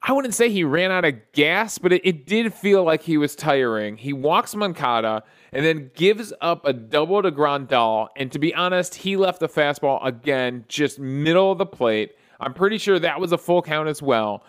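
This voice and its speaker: A man hosting a podcast, recapping a baseball game in a casual solo talk with excited play-by-play storytelling and frequent restarts. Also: fairly high pitch, normal speed, few pauses. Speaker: podcast host.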